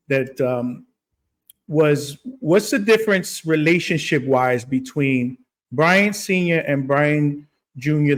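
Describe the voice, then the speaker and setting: A man hosts a casual interview and asks his questions in a relaxed, affirming way. His voice sits a little high for a man.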